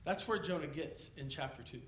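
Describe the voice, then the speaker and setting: A man preaching an expository sermon in a conversational, animated way, acting out the people in the story. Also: fairly high pitch, fairly quick, slight background noise. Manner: animated, conversational, acts out biblical characters. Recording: echoey room, mic at a distance.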